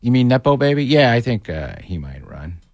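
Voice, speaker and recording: Blunt, wisecracking talk radio host. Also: male voice, mid-range voice, very animated, a little fast, darkish tone, dry recording. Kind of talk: casual political talk radio chat.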